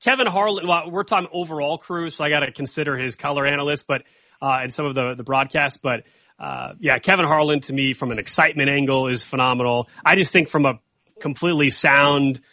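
A man's voice: a little high, a little fast, sharp tone, dry recording. A man hosting a casual sports talk show, easygoing and moving the conversation along. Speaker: host.

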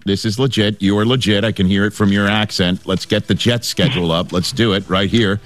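Brisk, playful sports radio host. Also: male voice, on the low side, steady tone, fairly bright tone, dry recording. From New York area. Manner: brisk, playful, ribbing callers. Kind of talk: call-in sports radio chat.

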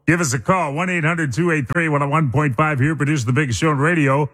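A man's voice: a little high, fast talker, hardly any pauses, fairly bright tone, breathy edge, long reverb tail. A man hosting a morning radio show, telling jokes in upbeat, playful banter. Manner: upbeat, playful, self-mocking joke-telling.

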